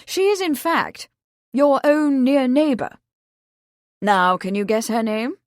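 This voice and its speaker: A woman reading an audiobook, voicing a confident young gentleman who speaks in a measured, formal way. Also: high voice, dry recording, studio quality, pitched above the performer's own voice. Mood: pleased.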